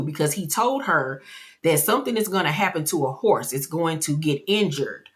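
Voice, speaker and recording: A woman giving a casual, animated, gossipy episode recap. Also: lowish voice. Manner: animated, gossipy storytelling, acts out quotes. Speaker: vlogger.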